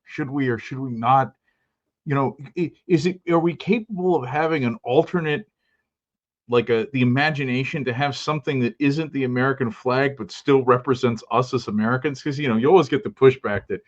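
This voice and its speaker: A man's voice: mid-range voice, fairly quick, lo-fi sound. A man co-hosting a podcast in casual discussion, rambling and repeating himself as he restarts his sentences. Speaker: podcast co-host.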